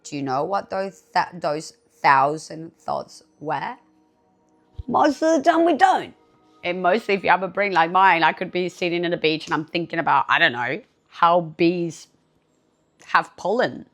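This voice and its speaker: Woman podcast host, lowish voice with a gravelly edge, candid solo chat, swears freely. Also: very animated, normal speed, soft background music. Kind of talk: casual solo podcast talk.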